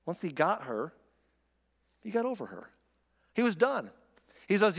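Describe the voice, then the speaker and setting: A man's voice: high voice, sing-song, measured pace, long pauses, slightly rough, in a large hall. A man preaching a sermon in a conversational, impassioned way, speaking directly to his listeners. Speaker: pastor.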